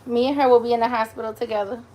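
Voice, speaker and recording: Streaming casually from home through her phone camera, a woman talks very fast in a fairly high, slightly mellow voice with little pitch movement. She chats with her viewers and uses cooing baby talk with her dog. There's a little background noise.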